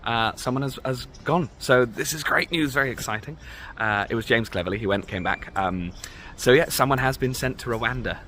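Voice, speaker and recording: A man's voice: medium pitch, normal speed, sharp tone, a little hiss or hum, lightly acted. A man playing a bumbling male government minister, hesitant and full of ums and uhs. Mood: cheerfully awkward.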